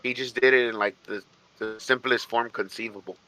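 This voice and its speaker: A man co-hosting a casual talk show, rambling and halting with frequent restarts. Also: mid-range voice, fairly even intonation, pushed and bright, faint music behind, poor audio. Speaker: podcast co-host. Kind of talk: casual chat.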